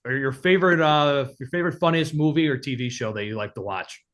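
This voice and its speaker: A male interviewer asking quick, casual questions, often restarting mid-sentence. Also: medium pitch, fairly bright tone. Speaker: interviewer host.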